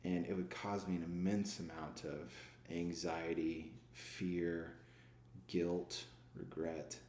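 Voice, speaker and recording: Deep-voiced former pastor, echoey room. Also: male voice, flat delivery, slow pace, darkish tone, slight background noise. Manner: reflective, poses rhetorical questions and answers them. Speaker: sales manager and former pastor, guest. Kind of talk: casual podcast interview.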